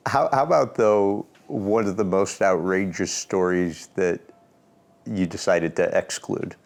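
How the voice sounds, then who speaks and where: Low-voiced male interviewer, curious. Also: measured pace, gravelly, a little mellow. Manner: curious, friendly, prompting questions. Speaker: interview host. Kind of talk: conversational interview.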